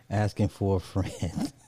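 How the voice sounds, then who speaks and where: A man's voice: deep voice, warm tone, slightly rough, no room sound. A man chatting casually on a live stream, reading out viewer comments and ranting, laughing often and swearing freely.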